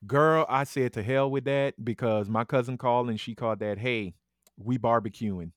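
A man, co-hosting a podcast and telling food stories in casual, animated chat. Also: medium pitch, fairly quick, clear, resonant tone, no echo. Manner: animated storyteller, laughs often. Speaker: podcast co-host.

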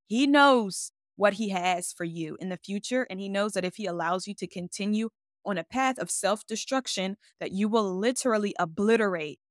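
A woman's voice: mid-range voice, a bit bright, no echo, studio quality. A woman hosting a faith podcast, speaking casually and expressively and acting out her own quoted words. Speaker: podcast host.

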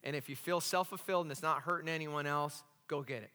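A man preaching a sermon as pastor, animated and asking the congregation questions. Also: fairly high pitch, fast, in a large hall. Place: church hall.

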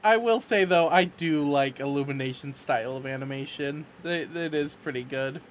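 A woman co-hosting a casual podcast chat, animated and quick to laugh, with lots of filler words. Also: sits low, slight background noise. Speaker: podcast co-host.

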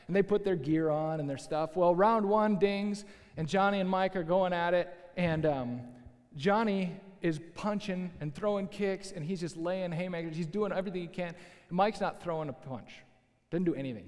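With a slightly high voice and a moderate pace, this man preaches as a pastor. He spins his story conversationally and energetically, turning to the audience with asides, and a long hall reverb fills the recording.

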